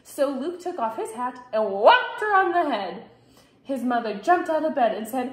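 A young woman teacher reading a children's picture book aloud, expressive, with big shouted lines for the characters. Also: sits high, moderate pace. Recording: echoey room.

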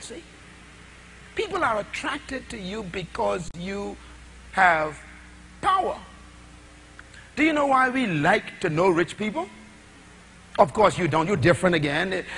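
A middle-aged man preaching a sermon, with dramatic swings between shouted lines and hushed asides, full of rhetorical questions. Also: high voice, sing-song, moderate pace, slight background noise.

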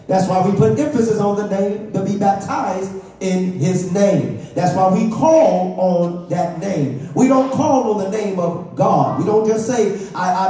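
A pastor with a high, mellow voice preaches in a church sanctuary, asking the congregation for amens in call-and-response fashion. The recording is echoey and sounds distant.

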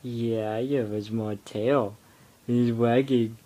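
Teen boy, vlogger, slow and unhurried, halting, filler-heavy, casual home iPod recording. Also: medium pitch, steady tone, dark tone. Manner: rambling, halting, lots of fillers. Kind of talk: casual rambling vlog. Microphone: iPod camera.

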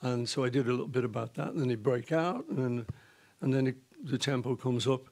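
A man, a guest in an interview, telling a story in a lively way, laughing and acting out the voices of the people in it. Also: mid-range voice, brisk, gravelly. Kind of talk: casual anecdote telling.

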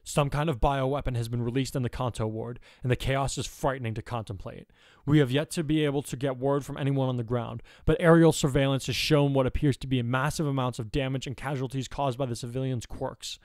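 A man's voice: medium pitch, steady tone, a little fast, a little mellow, no echo, clean studio sound, natural voice. A man voicing a grim TV news anchor reading breaking news with urgency. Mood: urgent.

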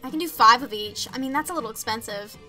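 Chatty bright-voiced young woman streamer. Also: a little high, quick pace, faint music behind. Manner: chatty, reads chat aloud, laughs often. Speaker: game streamer. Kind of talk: casual live-stream chat.

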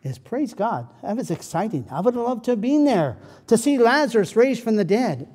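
A man preaching a sermon as pastor, dramatic, moving between loud pleading and a soft, slow hush. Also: extremely high pitch, big pitch swings, breathy edge. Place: church sanctuary. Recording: church hall with long reverb.

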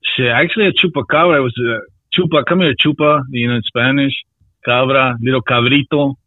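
A man's voice: medium pitch, steady tone, brisk, no room sound. A man, a podcast guest chatting casually, laid-back, swearing freely and laughing often. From Puerto Rico. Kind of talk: casual chat. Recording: tinny phone-like call line, dry.

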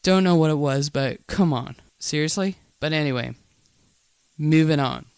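A woman's voice: deep voice, moderate pace, vocal fry, a little mellow, clean tone, no room sound, clean studio sound. A woman hosting her own podcast in a casual solo monologue, telling a story candidly and heatedly, with frequent restarts. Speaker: podcast host.

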